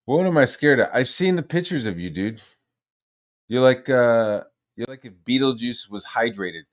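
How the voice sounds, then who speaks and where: A man's voice: medium pitch, expressive, normal speed. Profane, heated male streamer. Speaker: streamer host. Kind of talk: profane ranting livestream.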